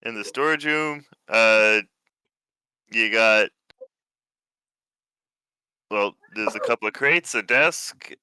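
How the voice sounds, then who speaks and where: A man narrating a tabletop game as game master, describing rooms with relaxed, hesitant phrasing and many fillers. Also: on the low side, slow, pauses often, clean tone, no echo.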